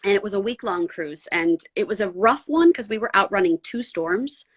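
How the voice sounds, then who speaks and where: A woman's voice: medium pitch, animated, moderate pace, breathy edge. Woman guest, voice actor from San Diego, casual and chatty. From San Diego, USA. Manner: chatty, many "like" fillers. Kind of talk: casual podcast chat.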